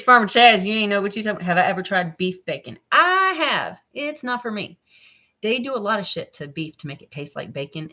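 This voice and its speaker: Cooking in her home kitchen on a livestream, a middle-aged woman reads out viewer comments and chats casually and bluntly, cursing freely. Her voice sits low, sounding pushed and bright.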